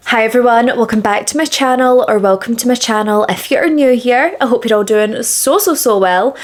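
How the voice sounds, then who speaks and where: A woman hosting a true crime channel, telling a case in a chatty, dramatic way while doing her makeup, on a small clip-on mic. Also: on the high side. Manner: chatty, dramatic and emphatic, with repeated words. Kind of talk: casual true crime storytelling during a makeup routine. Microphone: small clip-on microphone.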